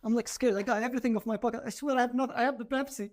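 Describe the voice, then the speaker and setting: A young man from Saudi Arabia, a podcast guest, telling a story in relaxed chat and laughing often. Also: very high voice, very fast. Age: 20s.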